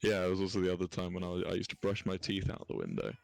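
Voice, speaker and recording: A man's voice: deep voice, sing-song, quick pace, gravelly. A young English man in his twenties, telling rambling stories in casual chat, swearing and laughing often. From England. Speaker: streamer.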